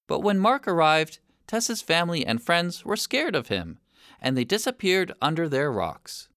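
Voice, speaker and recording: A narrator reading a children's story aloud in a clear, steady, expressive way. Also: medium pitch, a little slow, no room sound, clean studio sound.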